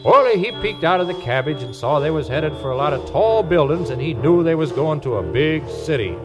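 A man narrating a children's tale. His pitch rises and falls animatedly, and clear music plays beneath on a vintage record. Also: fairly quick. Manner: folksy rural storytelling, lively voices. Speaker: storyteller. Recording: old record with music behind.

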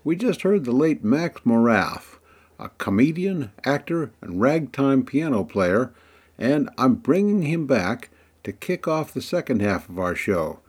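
A man's voice: medium pitch, big pitch swings, a little slow, darkish tone, breathy edge. A man hosting a music radio show, chatty and playfully building suspense before each record. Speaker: radio host.

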